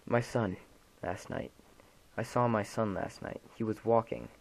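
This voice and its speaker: A man's voice: lowish voice, steady tone, a little slow, poor audio. A man voicing a terrified, panicked woman caller in a dramatic reading of a horror story, pleading and sobbing. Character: terrified middle-aged woman caller hiding.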